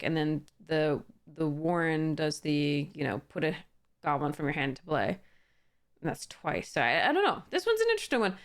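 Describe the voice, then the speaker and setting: A young woman chatting casually as she opens card packs, reading card text aloud with frequent fillers and small laughs. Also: low voice. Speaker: card game YouTuber. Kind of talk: casual pack-opening commentary.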